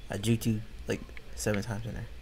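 A man's voice: fairly low pitch, flat delivery, fairly quick, darkish tone, a little hiss or hum. A man giving casual, grumbling commentary over his own gameplay, slangy and easily frustrated. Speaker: gaming YouTuber.

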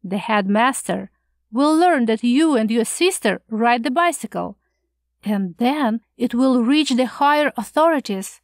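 A prim, nervous old schoolmaster, as a woman reader voices him frets and lectures in a scandalized, pleading tone. The voice sits high and strained, with slow, drawn-out pacing. It is recorded dry and close for an audiobook. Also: expressive, dry recording. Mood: fretful lecturing. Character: fussy, anxious, prim older male schoolmaster.

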